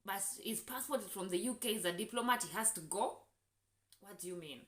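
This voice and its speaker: A woman's voice: mid-range voice, fairly quick, fairly bright tone, reverberant. Indignant Kenyan woman telling a story. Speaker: vlogger. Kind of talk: storytelling vlog.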